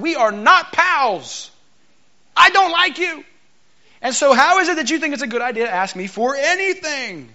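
A scornful woman at a well snaps back in mock disbelief, as a male preacher puts her on. The voice sits high and bright, pushed louder with exasperation. The recording is dull and lo-fi. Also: full character voice. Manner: mocking, exasperated, incredulous. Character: sarcastic hostile woman at a well.

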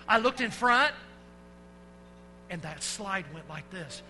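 A man giving a lively children's sermon as a pastor, telling stories with swings from hushed to shouting and calling the kids to answer back. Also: sits high, measured pace, pauses often. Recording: long hall reverb with faint music.

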